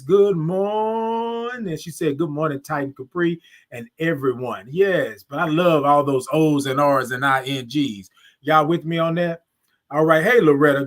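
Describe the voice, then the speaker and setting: A man's voice: a little high, fairly bright tone. Upbeat Southern man hosting a live stream. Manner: upbeat, greets viewers by name, drawn-out sung good mornings. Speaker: live show host. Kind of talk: casual live-stream chat.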